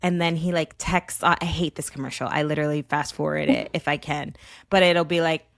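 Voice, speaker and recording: Woman podcast host, low voice, animated storyteller, dry close sound. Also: a little fast, gravelly, no room sound. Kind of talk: casual podcast conversation.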